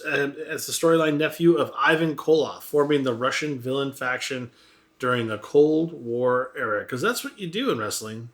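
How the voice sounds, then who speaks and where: A man hosts a casual podcast in a bright, forward voice. He jokes, laughs easily and keeps the conversation moving along. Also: mid-range voice. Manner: laughs often, runs the segment. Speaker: podcast host.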